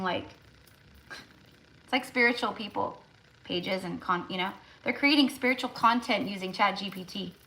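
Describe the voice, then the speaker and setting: A woman's voice: mid-range voice, a bit bright, rough recording. A woman tarot reader hosting a casual live stream, talking emphatically with lots of repetition and fillers.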